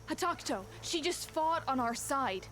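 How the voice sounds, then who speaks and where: A stern tribal leader. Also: female voice, high voice, lively intonation, measured pace, a bit bright, a little hiss or hum. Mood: commanding. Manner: firm, authoritative.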